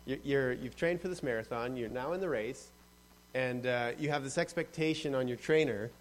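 A man's voice: mid-range voice, moderate pace, low-quality recording. Man giving a homespun devotional talk over hum. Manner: informal, clears throat often, builds to encouraging intensity. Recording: steady mains hum under the voice.

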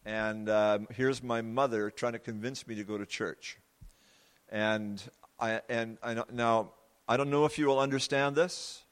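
Earnest halting preacher in a reverberant hall. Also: male voice, medium pitch, steady tone, smooth. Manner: halting, repeats words, pauses often; earnest and confessional. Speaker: preacher giving his testimony. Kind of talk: sermon testimony.

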